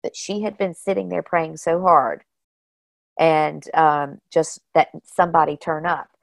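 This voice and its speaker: A woman guest telling personal stories in a casual, animated way, often saying "you know" and "like". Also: low voice, measured pace, creaky, no echo. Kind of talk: casual storytelling.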